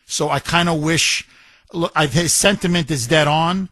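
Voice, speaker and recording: A man's voice: on the high side, moderate pace, bright, forceful tone, dry recording. A middle-aged man hosting a talk radio show, ranting in a combative, sarcastic way. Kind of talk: opinionated talk radio monologue.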